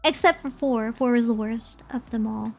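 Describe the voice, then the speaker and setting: High-voiced chatty young woman streamer. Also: normal speed, gravelly, darkish tone, faint music behind. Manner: chatty, rambling, giggly. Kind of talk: casual chat, ranking movies on stream.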